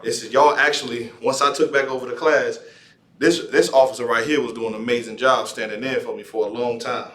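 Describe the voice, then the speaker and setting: A man's voice: medium pitch, fairly even intonation, a little fast, a bit bright. A man teaching a classroom language lesson, repeating words and often checking in with "all right?". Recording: echoey room, far from mic.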